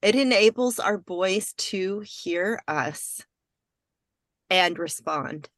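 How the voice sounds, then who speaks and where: A woman chatting on a parenting podcast, agreeing often and talking in an unhurried way. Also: medium pitch, expressive, fairly bright tone, no room sound, clean studio sound. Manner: slow, agreeable, many affirming murmurs. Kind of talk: casual podcast conversation.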